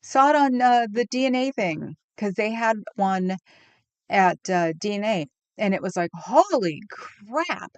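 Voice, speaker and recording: A woman's voice: mid-range voice, moderate pace, clear, resonant tone, no echo. Chatty woman streamer, dry close sound. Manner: rambling, chatty, laughs often, reacts to chat. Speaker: live streamer. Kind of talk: casual livestream chat with viewers.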